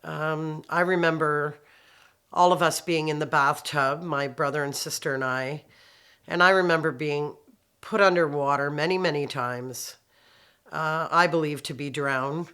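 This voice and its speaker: A woman's voice: low-pitched, fairly even intonation, a little slow, fairly bright tone, clean tone. A woman, giving heartfelt personal testimony, often repeating phrases and restarting sentences. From Canada. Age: 60s. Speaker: interviewee sharing her life story.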